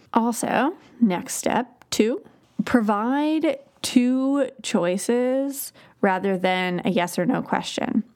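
A woman's voice: on the high side, takes it slowly, a little mellow. A woman hosting a podcast, explaining child development in a conversational way with example phrases to children. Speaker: podcast host.

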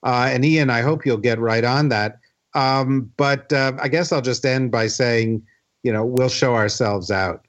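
A man's voice: medium pitch, unhurried, lo-fi sound. A man hosting a podcast, announcing plans in a loose, rambling way with many fillers. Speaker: podcast host. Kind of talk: casual podcast chat.

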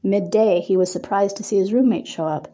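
Woman author narrating her own erotic story, mellow, steady delivery. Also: medium pitch, brisk. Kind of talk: reading an erotic story aloud.

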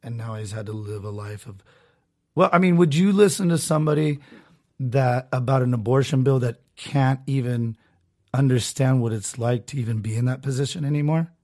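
A man's voice: mid-range voice, normal speed, a little mellow. Rambling sarcastic man podcasting solo. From Southern California. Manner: rambling, sarcastic, many restarts and asides. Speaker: podcast host.

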